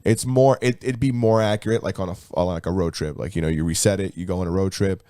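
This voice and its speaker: A man's voice: low-pitched, fairly even intonation, fast, dark tone, no room sound. A man with a mid-range voice talks easily and often laughs, pushing his point in a loose, swearing way. His voice sits close and dry on the mic. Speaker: podcast co-host. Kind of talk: casual chat.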